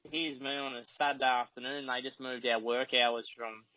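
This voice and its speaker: An Australian mechanic, a guest on a podcast, chats casually, rambling and swearing freely. His mid-range voice keeps a level tone and moderate pace. The podcast audio is dry and slightly dull.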